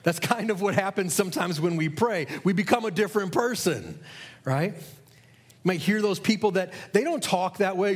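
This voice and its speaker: A man's voice: high voice, normal speed, breathy edge. A middle-aged man preaching a sermon as a pastor, earnest and conversational, asking the listeners questions.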